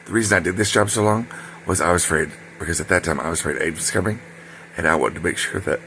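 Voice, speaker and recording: A man tells a personal story loosely and casually, wandering off on tangents and filling it with fillers and asides. His voice sits low and comes out fast, pushed and bright, with slight background noise.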